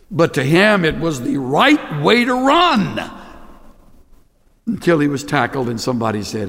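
Animated preacher with a lively voice. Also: male voice, on the high side, a little slow. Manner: animated, emphatic preaching with dramatized asides. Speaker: pastor. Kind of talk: sermon. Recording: long reverb of a large hall.

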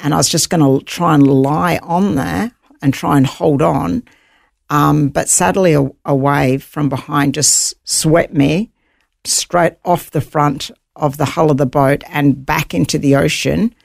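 A woman's voice: sits low, steady tone, unhurried, creaky, a little mellow, dry recording, studio quality. A woman guest in an interview, earnestly telling a personal story and voicing her own thoughts aloud.

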